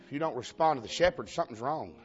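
A man's voice: mid-range voice, lively intonation, racing, highs cut off, faint music behind. A man with a Southern US accent preaching a fervent revival sermon in a church, repeating himself and calling out to the congregation. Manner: fervent, repetitive, calls out to the congregation.

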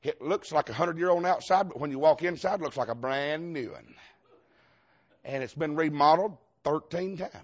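A Georgia preacher, a man with a thick Southern accent, spins a folksy, self-mocking story from the pulpit, laughing through his lines. His voice sits high and husky and swings all over the place. The recording is dull and lo-fi. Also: a little fast. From Georgia, USA. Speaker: visiting preacher. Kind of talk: humorous storytelling sermon.

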